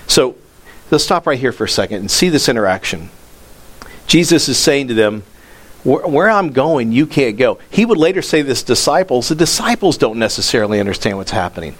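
Man, pastor, conversational sermon, mid-pitched voice, emphatic in places. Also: big pitch swings, brisk. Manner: conversational preaching that rises in emphasis on quoted lines.

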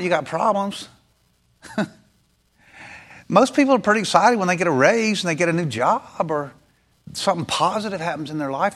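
A man's voice: fairly high pitch, a bit bright. A man preaching a sermon in an earnest, conversational way, acting out short bits of dialogue. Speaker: pastor.

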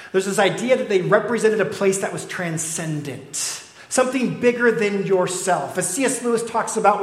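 A middle-aged man preaching a sermon as pastor, conversational, with rhetorical questions to the congregation. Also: high-pitched. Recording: echoey hall.

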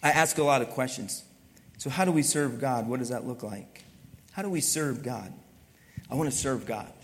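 A man's voice: medium pitch, moderate pace, long reverb tail, a little hiss or hum. A male pastor preaching a sermon in a conversational way, often asking his listeners rhetorical questions.

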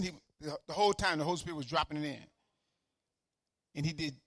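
A man in his sixties preaching a sermon with fervor, repeating phrases and swinging from shouts to quiet asides. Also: high voice, fast, no echo, studio quality. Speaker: pastor.

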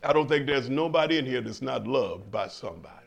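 A man's voice: medium pitch, animated, fast, gravelly, dull audio. An older man preaching a sermon to a congregation, with stammered restarts, emphatic swells and call-and-response questions. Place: church in front of a congregation.

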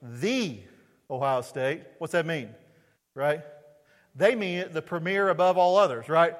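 Southern guy preaching, keeps firing questions at the congregation, voice a bit high, big reverby sanctuary. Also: normal speed. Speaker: pastor. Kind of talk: sermon. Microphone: wearing a mic on his body. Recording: long hall reverb.

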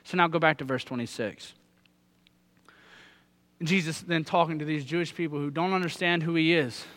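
A man's voice: on the high side, normal speed, a bit bright. A man in his thirties preaching a sermon, earnest and putting direct questions to his listeners. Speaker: pastor.

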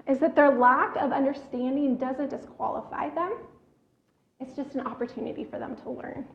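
A woman's voice: sits high, gravelly. A woman preaching a sermon, teaching earnestly and repeating words as she thinks. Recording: echoey room, slightly dull sound.

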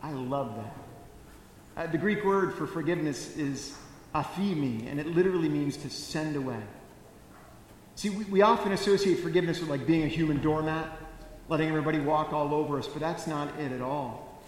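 Pastor guy preaching, kinda high voice, jokey and animated, big echoey church with a little hiss. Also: fairly quick. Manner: animated, wry storytelling with comic asides. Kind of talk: sermon. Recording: echoey church hall with faint noise.

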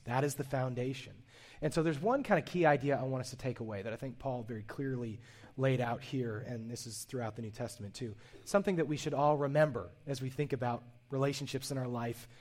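A man's voice: medium pitch, darkish tone. A man delivers a sermon to his congregation. He talks in an earnest, conversational way, often restarting a phrase before pressing on. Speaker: pastor.

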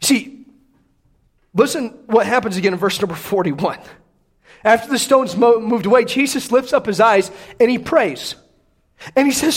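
A man with a very high-pitched voice preaches a sermon. He swings from loud, climbing urgency down to hushed, prayerful near-whispers, and he repeats words when he presses a point. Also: expressive, normal speed, long pauses, husky. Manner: reads scripture in King James wording, repeats words when emphatic.

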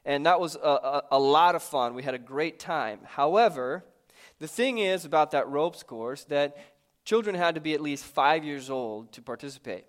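A man in his thirties, a pastor, telling a personal story in a sermon in a lively, conversational, self-mocking way. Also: a little high, normal speed.

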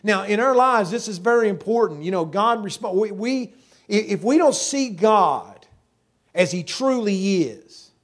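US male pastor, high-pitched, folksy sermon delivery, repeats himself and says hallelujah often. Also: animated, unhurried. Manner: folksy, repetitive, with frequent hallelujahs and amens.

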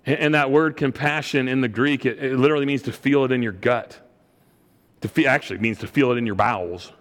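This middle-aged male pastor talks fast in a mid-range, slightly bright voice. He delivers a sermon in a church sanctuary, earnestly sharing a personal story and frequently repeating words at the start of phrases. The recording carries a long hall reverb.

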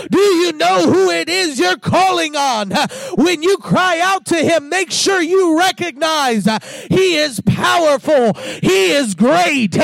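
A man preaching a sermon in a very high, gravelly voice. He keeps an unhurried pace, swells into shouted bursts and drops "uh" between his phrases. The sound is dry and close. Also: dry recording. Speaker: pastor.

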